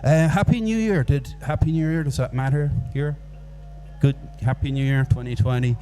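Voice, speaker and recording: A man's voice: a little high, normal speed, dark tone, soft background music. A man from Ireland with an Irish accent, doing a rambling, self-mocking stand-up set into a handheld microphone at a live venue. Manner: rambling, self-mocking, puts on silly voices for quoted people. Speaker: stand-up comedian. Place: live comedy venue with audience.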